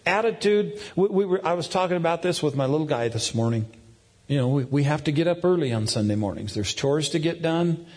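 A man's voice: a little high, lively intonation, brisk, a little mellow. A man preaching a sermon as a pastor, telling a folksy family story. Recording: long hall reverb.

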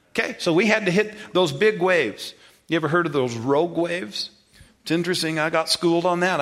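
A man preaching a sermon with a slightly raised voice, folksy and rambling as he tells stories. He acts out conversations with sudden high, excited outbursts, then drops low to make his point. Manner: animated storyteller, acts out dialogue in a high excited voice. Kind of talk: sermon with storytelling.

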